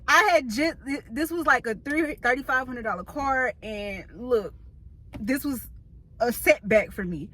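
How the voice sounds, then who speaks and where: A woman in her thirties telling a story in a casual, slangy, animated vlog, talking from a parked car. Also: fairly high pitch, unhurried. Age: 30s. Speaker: vlogger. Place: parked car in a store parking lot.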